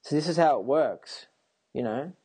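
A man talking to camera in a rambling personal monologue, excitable and often repeating himself. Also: a little high, normal speed, slightly rough. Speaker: vlogger.

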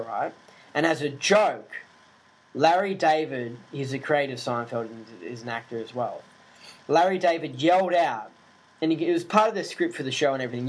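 A man ranting casually to camera, animated and indignant, swearing freely and using lots of fillers. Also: fairly high pitch, rough recording.

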